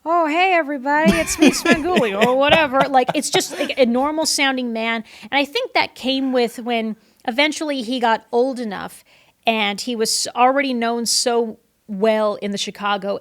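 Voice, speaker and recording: Chatty woman telling animated stories. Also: fairly high pitch, normal speed. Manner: animated, chatty, often breaks into laughs. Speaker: guest, horror host and vintage performer. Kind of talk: casual interview storytelling.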